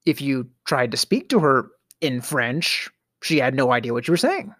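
A man's voice: mid-range voice, big pitch swings, moderate pace, a bit bright, dry recording, studio quality. A middle-aged man hosting a podcast, telling a storytelling rant in a theatrical way, with sighs, stammers and sudden whispers. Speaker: podcast host.

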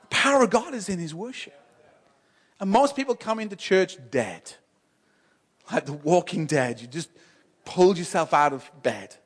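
High-voiced, emphatic male preacher in church. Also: animated, husky. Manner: emphatic, repeats and builds phrases, stammers on restarts; swings from loud exhortation to soft, slow intimacy. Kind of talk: sermon.

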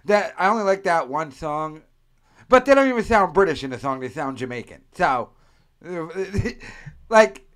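Podcast host, man from the US, crude rambling banter, fairly high, very lively voice. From United States. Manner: profane, rambling, mimics accents mid-story.

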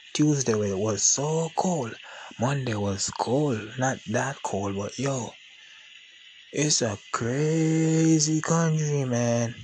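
A man's voice: medium pitch, darkish tone, slight background noise, poor audio. A man talking casually to the camera, rambling and boastful with a lot of slang. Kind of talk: casual monologue.

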